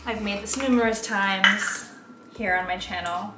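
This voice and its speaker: A woman's voice: medium pitch, fairly even intonation, a little slow, heavy background noise. Chatty young woman in a roomy room. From United States. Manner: chatty, rambling, self-deprecating asides. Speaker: lifestyle vlogger. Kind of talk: casual vlog chat. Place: home room in Texas. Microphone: camera on a tripod.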